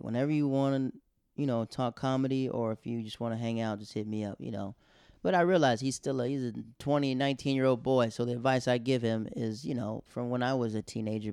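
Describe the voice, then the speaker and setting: A young man hosting a podcast, telling funny stories casually and acting out quotes in loud raised voices. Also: mid-range voice, clear, resonant tone, no echo, clean studio sound. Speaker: podcast host. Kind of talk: casual comedic storytelling.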